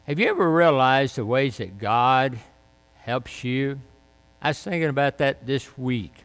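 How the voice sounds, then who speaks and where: A man preaching a sermon and closing with a prayer, speaking slowly and emphatically and repeating key phrases. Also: mid-range voice, a bit bright, smooth. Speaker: pastor. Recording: long hall reverb.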